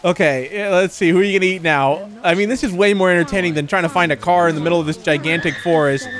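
A man's voice: high-pitched, fast talker, crowd noise. A man giving chatty let's-play commentary on a horror game, laughing often and yelping when startled. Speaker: gaming YouTuber.

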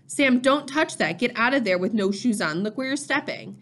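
A caring, fussy mother from an audiobook, gentle and hospitable as she calms her boy and offers food to guests. A woman acts her out, her voice lifted a little above her reading pitch. The delivery is soft and motherly. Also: quick pace. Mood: soothing. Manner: soothing, hospitable. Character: caring mother fussing over her family.

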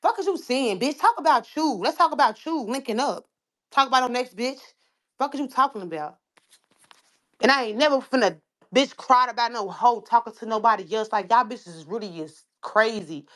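A woman's voice: on the high side, lively intonation, moderate pace, a bit bright. Profane, confrontational woman ranting. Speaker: rapper. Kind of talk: angry livestream rant.

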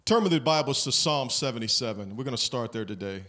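A man's voice: mid-range voice, animated, fast, a bit bright. A man preaching a sermon as pastor, talking plainly and asking the congregation questions. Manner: conversational, asks the congregation questions.

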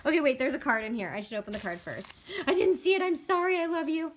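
High-voiced, gushing young woman vlogger. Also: fast, slight background noise. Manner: gushing, excitable, gasping. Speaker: fitness vlogger. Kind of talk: casual vlog.

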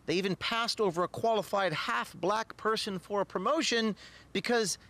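A man's voice: high voice, normal speed, pushed and bright. A man narrating a report in a scripted, pointed, mocking tone. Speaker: video narrator.

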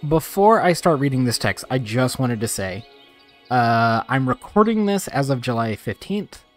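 A man giving excitable let's-play commentary, talking straight to his viewers and ranting playfully. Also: mid-range voice, normal speed, faint music behind. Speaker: gaming video creator.

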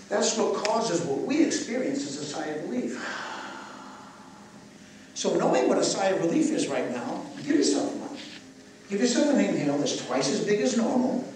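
A high-pitched man guides a festival crowd through breathing, slipping easily from soft instruction into playful teasing. He is picked up from well back in a very echoey room. A steady wash of noise sits under his voice. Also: distant mic. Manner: playful, jokey asides between calm guided instructions. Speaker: breathwork teacher. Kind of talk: guided breathing talk to a live audience. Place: live festival session.

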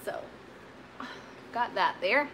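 A chatty woman talks through her thrift finds in an easy, rambling way, full of fillers and restarts. Her voice is bright and forward, with a faint hiss in the background. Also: fairly high pitch, lively intonation, takes it slowly. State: sweaty, warm. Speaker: vintage reseller. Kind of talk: casual haul video chat.

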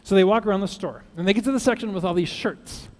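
A man's voice: high voice, fast. A man speaking at a teachers' conference, telling jokes and asking the audience questions in a playful way. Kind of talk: joke-telling talk to an audience. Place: large conference hall. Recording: long reverb of a large hall.

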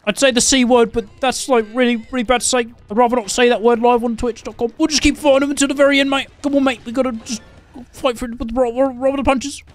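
A man voicing a cocky young brawling bloke in a put-on Australian accent, loud and brash, tossing in "mate" all the time. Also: very high voice, steady tone, fast, soft background music, voice pushed up.

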